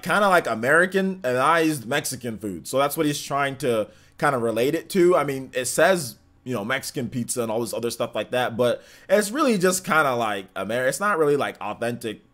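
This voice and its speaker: A young Californian man with a medium-pitched, slightly bright voice hosts a live stream. He rambles loosely, leaning on plenty of fillers as he reads viewer comments out loud.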